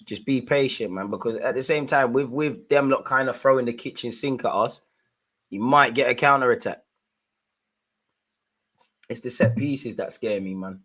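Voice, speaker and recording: A young man hosting a live football watchalong, giving slangy running commentary and shouting at the referee in bursts. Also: medium pitch, moderate pace, long pauses. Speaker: live match watchalong host.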